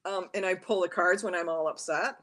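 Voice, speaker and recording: Chatty woman with a lowish voice. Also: brisk. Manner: talkative, animated storyteller who acts out quotes. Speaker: tarot reader guest. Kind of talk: casual interview chat.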